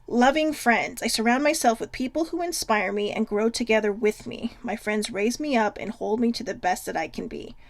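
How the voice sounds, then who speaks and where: A woman's voice: fairly high pitch, normal speed, vocal fry, hardly any pauses. A woman hosting a casual self-love livestream, chatty and frank, swearing freely. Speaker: host.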